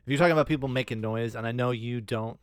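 A man's voice: medium pitch, quick pace, clean tone, no room sound, studio quality. A man co-hosting a casual movie podcast, laid-back and profane, steering the talk back on topic. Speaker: podcast co-host.

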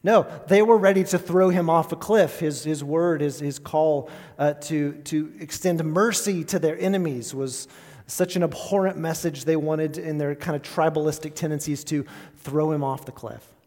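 A pastor delivers a sermon in a somewhat high, slightly mellow voice at normal speed, conversational but lightly raised. He poses questions to the congregation and restarts phrases midway, his words ringing with a long reverb in a church hall.

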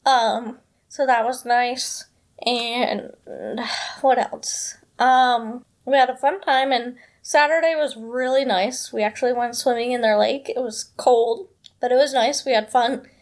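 Brief: woman host, casual chat, rambling with lots of fillers, somewhat high pitch. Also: steady tone, a little slow. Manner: rambling, chatty, many fillers. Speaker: podcast host.

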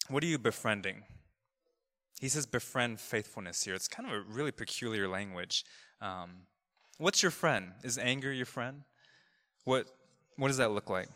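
Male pastor, conversational sermon, bright voice, filler-heavy delivery, long hall reverb. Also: mid-range voice. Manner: chatty, loose, many fillers and restarts. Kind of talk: casual storytelling sermon.

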